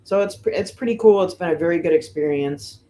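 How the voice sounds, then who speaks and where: A middle-aged woman from the United States, a fire lieutenant, telling stories casually in an interview, with lots of "you know" and "um" and lively voices for the people she quotes. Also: lowish voice, brisk. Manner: chatty, fills with "you know" and "um", animated retelling of quotes. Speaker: firefighter lieutenant and guest.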